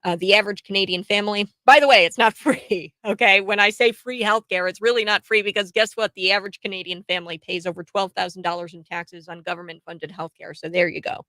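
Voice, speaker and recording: A woman's voice: medium pitch, steady tone, fast, few pauses, fairly bright tone, no room sound. A woman hosting political commentary, retelling a news story in a casual, indignant and sarcastic way, with many fillers and restarts.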